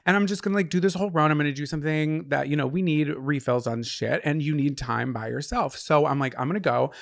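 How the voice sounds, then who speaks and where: A young man co-hosting a casual podcast, telling a story with lively back-and-forth and acting out both sides. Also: mid-range voice, vocal fry. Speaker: podcast co-host. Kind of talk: casual chat.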